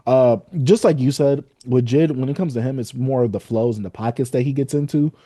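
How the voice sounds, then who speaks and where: A man co-hosting a casual music podcast, talking in a very dark, mellow voice. He sounds close and dry, with no room around him. He gives opinionated reviews in an unhurried way, pausing on drawn-out fillers. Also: medium pitch, no echo. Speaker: podcast co-host.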